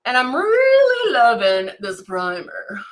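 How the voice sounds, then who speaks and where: A woman's fairly high voice swoops wildly in pitch at a slow pace as she hosts a casual makeup tutorial live-stream. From her desk camera and monitor setup she chats, ums a lot and greets viewers by name while working.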